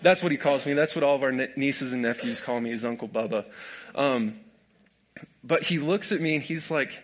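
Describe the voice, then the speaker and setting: A man's voice: mid-range voice, moderate pace. A young man preaching a humorous sermon, folksy and joking, often laughing at his own stories. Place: church sanctuary with a congregation.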